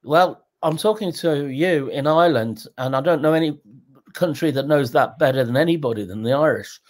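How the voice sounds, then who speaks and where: A man in his sixties, a guest telling candid, animated stories in a conversational interview. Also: moderate pace. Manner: animated, jumps in pitch, acts out quotes.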